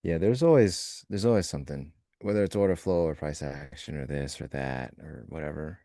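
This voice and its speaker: Very deep-voiced man, co-host on a live stream, loose joking chat, dry close sound. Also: normal speed, dark tone, no echo. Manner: loose, joking, talks through ideas in fragments.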